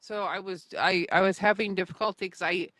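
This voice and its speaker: A woman's voice: mid-range voice, steady tone, a little fast, a bit bright, no echo. A woman gaming streamer ranting in casual talk, angry and profane with many restarts.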